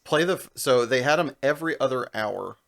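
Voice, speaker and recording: A young podcast co-host tells a long story in casual chat, animated and laughing along the way. His voice is medium in pitch and creaky, and he talks briskly.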